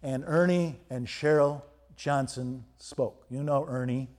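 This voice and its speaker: A pastor preaching a storytelling sermon, swinging between loud emphasis and quiet, hushed moments. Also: male voice, mid-range voice, steady tone, unhurried.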